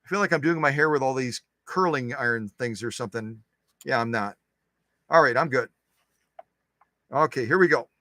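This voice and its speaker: A man's voice: medium pitch, normal speed, pauses often, pushed and bright, no room sound. A man hosting a sewing machine channel, demonstrating stitches in his workshop in a chatty, joking way. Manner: chatty, joking, talks to himself while working.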